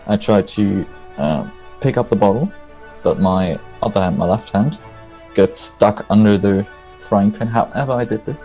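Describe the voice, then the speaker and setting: A man co-hosting a casual gaming chat, telling a halting, rambling anecdote. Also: lowish voice, warm tone, soft background music, rough recording. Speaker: gaming channel co-host.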